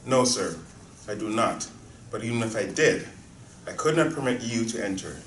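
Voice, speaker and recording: A man's voice: lowish voice, normal speed. A man playing a polite, firm security guard. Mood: formal. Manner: courteous, formal, steady. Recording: roomy distant sound with faint noise.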